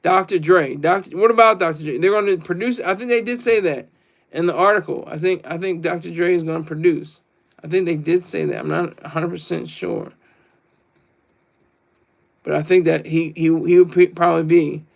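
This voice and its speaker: A man's voice: fairly high pitch, moderate pace, gravelly. A man hosting a casual livestream, reading chat comments and rambling boastfully, laughing often. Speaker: livestream host.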